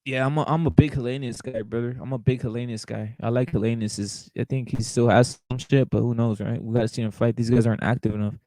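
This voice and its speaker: A man's voice: mid-range voice, steady tone, fast, hardly any pauses, mellow, dry recording, poor audio. Blunt, profane man on a fight show. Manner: blunt, profane, repeats himself, calls viewers brother; reacts to live chat comments. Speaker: boxing talk show host. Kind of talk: casual livestream chat.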